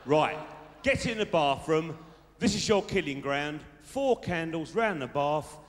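A man plays a cocky South London lad handing out dating tips, chatty and sure of himself. His voice sits a little high. Long hall reverb and faint noise come from a live theatre show. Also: animated, measured pace. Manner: boastful, chummy, tag questions. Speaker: stand-up comedian in character. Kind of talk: live stand-up character monologue. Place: large theatre stage with audience.

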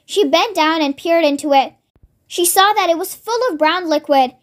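A child reading a storybook aloud in steady narration. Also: very high-pitched, normal speed. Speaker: storybook reader.

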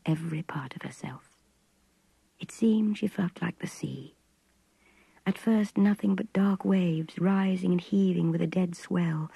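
An older woman narrating a literary novel in a hushed, intimate, measured voice. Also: fairly low pitch, creaky, slightly rough, no echo, rough recording. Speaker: reader.

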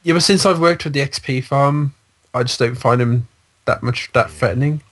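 A man chatting and teasing a friend while they play a video game together, quick to laugh. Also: medium pitch, a bit bright. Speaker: co-player, guest. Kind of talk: casual gameplay chat.

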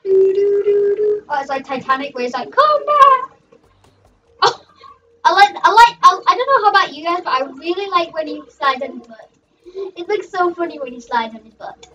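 A young gaming host rambling through excitable let's play commentary, shrieking at what happens in the game. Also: high-pitched, fast talker, slight background noise. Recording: dull, distant mic with faint music.

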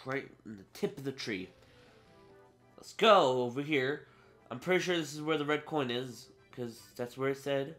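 A man's voice: mid-range voice, moderate pace, fairly bright tone. A teenage boy giving casual let's play commentary, talking to his viewers, getting frustrated and swearing. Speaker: gaming channel host. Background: game music.

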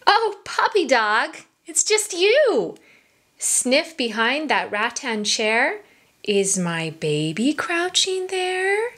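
A woman's voice: high voice, big pitch swings, slow pace, a bit bright. A woman reading a picture book aloud to young children at story time. She speaks in a sing-song way, asks the children questions and drops into whispers for asides.

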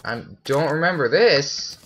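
A man's voice: on the high side, lively intonation, measured pace, slight background noise. A man commentating his own gameplay, easily startled and often yelping in alarm. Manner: jumpy, often shouts in alarm. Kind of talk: let's play commentary.

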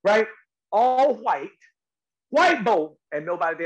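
His voice is high-pitched and his pace measured, heard through a low-quality recording. He's a middle-aged actor from North Carolina, USA, telling stories in an interview with animation, repeated words, and acted-out quotes.

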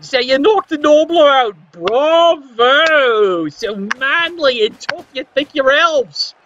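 A man's voice: very high-pitched, fairly bright tone, dull audio. A man commentating a tabletop sports game with wry, sarcastic asides.

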